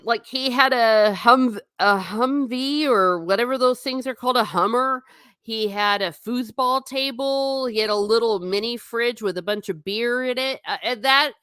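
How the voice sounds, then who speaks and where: A middle-aged woman hosts a casual live stream, chatty and animated as she reads viewer comments aloud. Her voice sits at an ordinary pitch for a woman. The sound is dry and close, with no room echo. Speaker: host.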